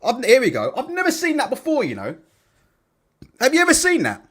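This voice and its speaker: A man's voice: very high-pitched, huge pitch swings, fairly quick, fairly bright tone, husky. A man hosting a casual live stream, blunt and sweary, laughing as he reads out chat comments. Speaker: livestream host.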